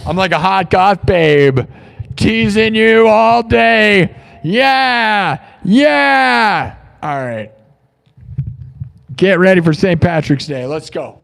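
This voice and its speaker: Raspy high-voiced man streaming live. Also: expressive, takes it slowly. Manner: rambling, jokey, bursts into hyped shouting. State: hand sore from playing. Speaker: livestreaming musician. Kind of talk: casual livestream chat between live music loops.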